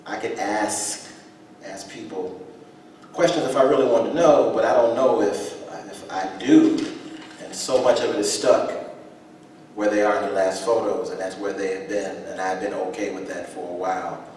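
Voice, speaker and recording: Low-voiced man telling a story in a hall. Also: steady tone, darkish tone, slight background noise. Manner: halting, reflective, restarts often. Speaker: spoken-word performer. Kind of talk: live spoken-word storytelling reading. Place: theater stage, live event. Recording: echoey hall from far off.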